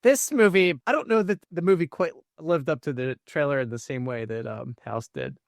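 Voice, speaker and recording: A man co-hosting a podcast, chatting casually with quick bursts and laughs about a movie. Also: fairly high pitch, vocal fry, no echo, studio quality. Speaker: podcast co-host. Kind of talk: casual movie review chat.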